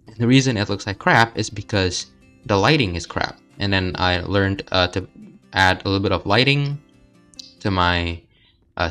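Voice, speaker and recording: A man's voice: deep voice, a bit bright. A young man casually commenting while playing a video game, rambling and hesitant with lots of filler words. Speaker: let's play host.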